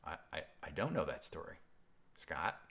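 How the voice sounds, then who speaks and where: Deep-voiced male host from upstate New York; loose, chuckling live-stream chatter that wanders off topic. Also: very animated, normal speed, gravelly, a bit bright. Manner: rambling, self-interrupting, chuckling. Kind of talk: casual live-stream chat reading viewer comments.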